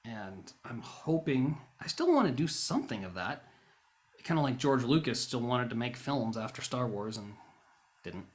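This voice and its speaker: Male YouTuber doing a rambling vlog monologue: wry, self-mocking rants that spike into loud outbursts. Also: mid-range voice. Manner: flares into loud bursts.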